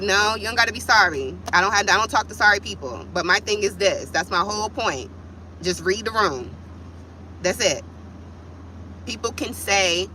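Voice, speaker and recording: A woman's voice: mid-range voice, sharp tone, a little hiss or hum, poor audio. Fired-up woman venting on a livestream. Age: adult with kids. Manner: blunt, profane, fired up, talks straight to viewers. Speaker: vlogger on a livestream. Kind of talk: heated livestream vent.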